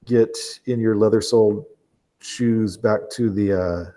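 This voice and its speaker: A man narrating a tabletop role-playing game as game master, talking haltingly with fillers and restarts. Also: lowish voice, steady tone, mellow.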